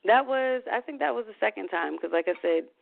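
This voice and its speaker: A woman's voice: mid-range voice, lively intonation, fairly quick, creaky. A woman giving a candid, emotional account in an interview. She swears casually and trails off into fillers. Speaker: interview guest. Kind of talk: candid personal storytelling. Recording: tinny phone-like sound.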